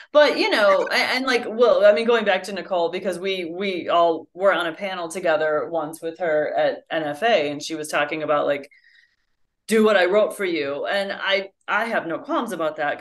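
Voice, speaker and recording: Co-host: middle-aged woman, lowish voice, thinks aloud, loose and chatty. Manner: thoughtful, rambling with many fillers. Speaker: podcast co-host, flute teacher. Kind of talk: casual chat.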